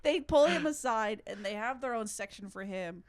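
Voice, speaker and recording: A woman's voice: a little high, lively intonation, normal speed. A woman co-hosting a casual podcast, telling a rambling, laughing story full of fillers. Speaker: podcast co-host. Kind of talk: casual chat.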